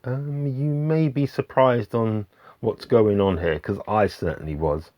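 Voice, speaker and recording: A man hosting his own channel, chatting casually about albums he has been playing, with lots of ums, pauses and restarts in an easygoing way. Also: fairly low pitch, a little mellow, no echo. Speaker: vinyl album reviewer, channel host. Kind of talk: casual album review to camera.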